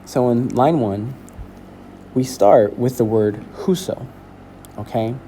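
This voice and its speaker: A male teacher walking a class through a lesson, explaining slowly and checking in with "okay?". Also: medium pitch, warm tone, a little hiss or hum. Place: school building.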